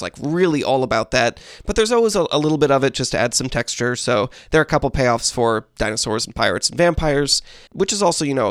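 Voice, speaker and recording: A man's voice: medium pitch, clean tone, no echo, studio quality. Man explaining card mechanics at length. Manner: explains at length, measured and dryly joking. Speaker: podcast co-host. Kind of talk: casual chat.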